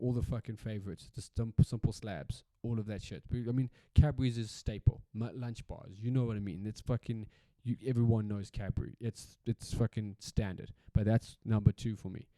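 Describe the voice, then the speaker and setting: A man's voice: on the low side, fairly even intonation, moderate pace, mellow, dry recording. A South African man hosting a solo podcast in a casual, rambling rant, swearing freely and repeating himself for emphasis. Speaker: podcast host.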